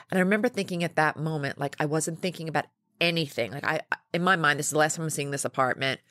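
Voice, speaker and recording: Brief: woman in her 40s, low voice, lively storyteller, close dry mic. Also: no room sound. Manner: lively storytelling with laughs and quick restarts. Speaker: podcast guest, company founder. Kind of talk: casual interview chat.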